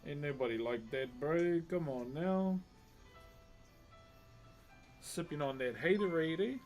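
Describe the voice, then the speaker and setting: A New Zealand man carving wood on a live stream talks at a slow pace in a fairly high, slightly mellow voice, with soft music behind him. Casual and laid-back, he reads viewer comments out loud, laughs often and calls people "bro" constantly.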